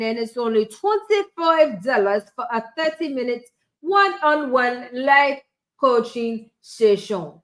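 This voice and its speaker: A woman's voice: on the high side, expressive, unhurried. A woman hosting a casual screen-share tutorial, thinking aloud, chatting and laughing at her own jokes. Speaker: life coach and tech tutorial host.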